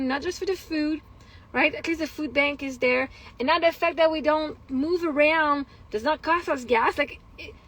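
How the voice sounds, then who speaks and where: A woman's voice: high-pitched, fairly bright tone, poor audio. A woman talking in a casual personal vlog, candid and rambling, venting frustration with swearing and laughter. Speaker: vlogger.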